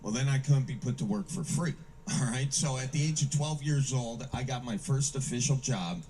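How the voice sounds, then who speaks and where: A man's voice: medium pitch, normal speed, mellow. A man from the American Midwest performing a self-deprecating stand-up routine with punchy asides. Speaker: stand-up comedian. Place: comedy stage before a live audience. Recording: distant stage mic with hiss.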